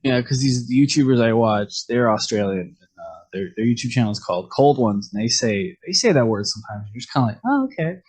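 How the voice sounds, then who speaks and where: Invité décontracté qui glousse. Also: male voice, medium pitch, fairly quick, hardly any pauses, darkish tone, breathy edge. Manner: easygoing, chuckling asides, short backchannels. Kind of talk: casual podcast chat.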